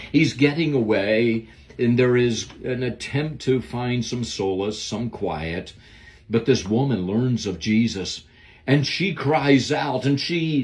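A man's voice: mid-range voice, darkish tone. A man giving a devotional Bible lesson, preaching in an earnest, emphatic way. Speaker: Bible teacher.

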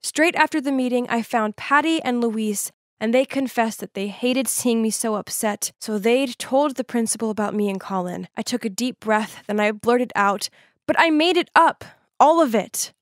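A woman narrating an animated story in a scripted, earnest first-person style. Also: fairly high pitch, normal speed, hardly any pauses, dry recording, studio quality.

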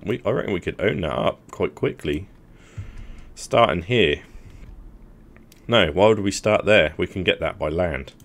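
Deep-voiced man musing over game moves. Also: animated, measured pace, long pauses. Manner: thinking aloud while planning moves. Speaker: gaming channel host. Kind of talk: casual gameplay commentary.

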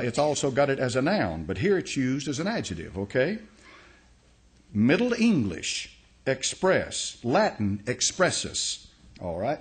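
Folksy pastor teaching a sermon. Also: male voice, medium pitch. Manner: folksy, explains step by step, many restarts and uh.

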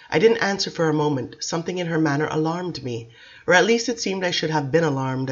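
A woman narrating a novel as an audiobook, in a measured, expressive reading. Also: deep voice, dull audio. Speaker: audiobook reader.

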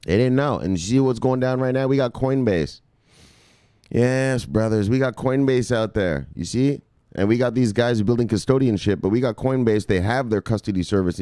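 A man with a very low voice swoops up and down as he preaches a mock sermon about crypto. His delivery is crude and joking, and the dry, close sound leaves no room echo. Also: warm tone. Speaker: crypto video host.

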